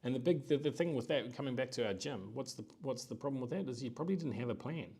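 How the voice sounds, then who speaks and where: Middle-aged New male host, casual animated monologue, acts out others' voices. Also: medium pitch, quick pace, breathy edge. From New Zealand. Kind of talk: live-stream monologue.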